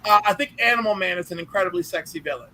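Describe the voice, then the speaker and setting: Woman panelist, bright and crisp, playful, gushing, casual talk. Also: fairly low pitch, very fast, rough recording. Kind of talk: casual group chat.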